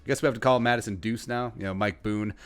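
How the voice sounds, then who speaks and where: A man's voice: lowish voice, fairly even intonation, fast talker, clean tone, soft background music. A man hosting a sports podcast, chatting casually with lots of fillers and restarts, with a Midwestern American accent. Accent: Upper Midwestern American. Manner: conversational, many fillers and restarts. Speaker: podcast host.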